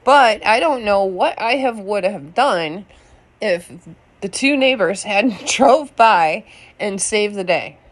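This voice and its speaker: A woman home vlogger chatting casually and telling a lively story. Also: mid-range voice, takes it slowly.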